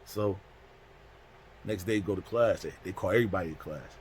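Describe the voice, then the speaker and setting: A man's voice: low voice, normal speed, a little hiss or hum. A man casually telling a story from prison, acting out the other people in it. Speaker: storyteller host.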